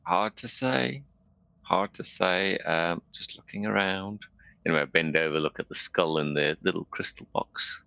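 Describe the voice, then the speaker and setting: Deep gravelly jokey player man. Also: normal speed, no room sound, lo-fi sound. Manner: jokey, laughs a lot, lively. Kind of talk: casual tabletop play.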